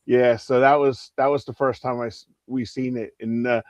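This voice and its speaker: Man, podcast co-host, casual chat, halting, mid pitch, dry recording. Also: flat delivery, a little mellow, no room sound. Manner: halting, many restarts and fillers.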